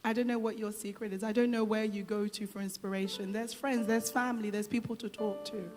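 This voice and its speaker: A woman's voice: mid-range voice, fairly even intonation, fairly quick, darkish tone, soft background music. A middle-aged woman giving a motivational speech to a crowd, encouraging and repeating phrases for emphasis. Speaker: guest speaker. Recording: long hall reverb.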